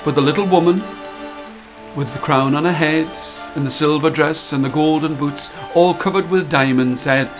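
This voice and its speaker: A man telling a folk tale, with a playful, rhythmic way of repeating phrases and slowing down for effect. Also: on the high side, soft background music. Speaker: storyteller. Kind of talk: told folk tale for children.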